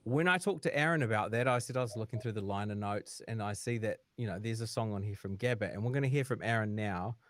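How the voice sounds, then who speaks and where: A man hosting a radio interview, relaxed, leading into a clip. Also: fairly low pitch, fast talker, few pauses. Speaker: radio host.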